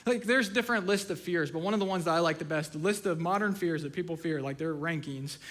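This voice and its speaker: A man's voice: a little high, fast, fairly bright tone. A man preaching a sermon from a church stage, telling funny stories with self-deprecating asides. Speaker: pastor.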